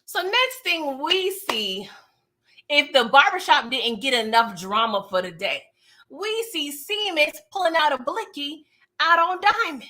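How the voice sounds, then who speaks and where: Woman, 30s, from New York; chatty, sassy recap vlogger, bright higher voice. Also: unhurried, slight background noise. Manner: chatty, sassy, animated asides with frequent "okay?". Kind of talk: casual episode recap.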